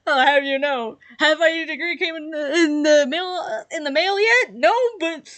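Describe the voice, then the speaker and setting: A woman's voice: high voice, moderate pace, hardly any pauses, a bit bright. A young woman giving casual reaction commentary, giggly and rambling with lots of fillers. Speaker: YouTuber reacting to her old videos.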